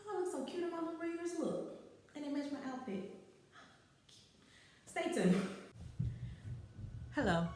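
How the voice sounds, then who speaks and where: A woman's voice: medium pitch, heavy reverb, big-room sound, far from the mic. A woman hosting a talk show, chatting casually, laughing and repeating lines for emphasis as she reads out listener stories.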